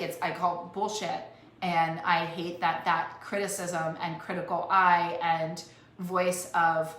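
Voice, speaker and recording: A lowish, fairly bright voice belongs to a woman life coach speaking earnestly and emotionally to camera. She keeps restarting phrases, and the room sounds echoey with a little background noise.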